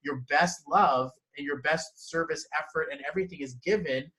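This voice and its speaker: A man giving a casual one-on-one numerology reading, animated and quick to laugh. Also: fairly high pitch, rough recording. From Canada. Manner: animated, laughs often, acts out inner voices. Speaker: numerology consultant.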